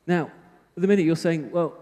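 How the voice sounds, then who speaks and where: British guy doing a conference talk, fairly high voice, jokey and self-deprecating. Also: expressive, moderate pace, dark tone. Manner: chatty, self-mocking humor. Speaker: conference speaker. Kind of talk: live technical presentation. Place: conference hall. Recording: reverberant hall.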